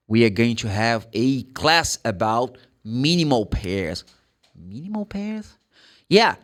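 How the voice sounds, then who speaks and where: A Brazilian man in his thirties with a Portuguese accent, teaching English sounds in a relaxed, chatty way. His pitch sits in the middle, and he swings up high and drops low as he drills each sound again and again. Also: slow pace. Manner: animated, repeats sounds with rising emphasis. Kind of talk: casual pronunciation lesson.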